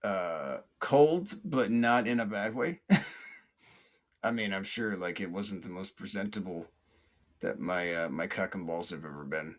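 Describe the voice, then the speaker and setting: A man's voice: sits low, measured pace. A man hosting a podcast, telling a long story in a casual, rambling way, with many fillers and restarts and plenty of swearing. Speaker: podcast host.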